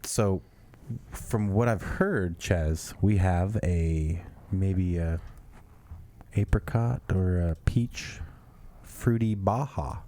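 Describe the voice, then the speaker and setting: A man's voice: low voice, extremely slow, warm tone. A man co-hosting a podcast in casual, profane, rambling chat, often trailing off and restarting. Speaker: podcast co-host.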